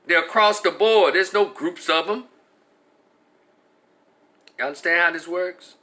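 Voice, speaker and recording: A man hosts a live stream, talking straight to his viewers in a loose, ranting way. His voice is bright and sharp and sits a little high. He restarts his sentences often as he talks. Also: measured pace. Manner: animated, ranting, frequent restarts. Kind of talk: casual commentary to live chat.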